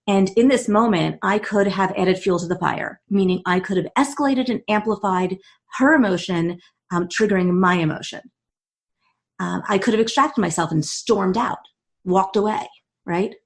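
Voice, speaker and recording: A woman guest on a podcast interview, telling a personal story with quick bursts, restarts and laughs. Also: mid-range voice. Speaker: guest, author and CEO.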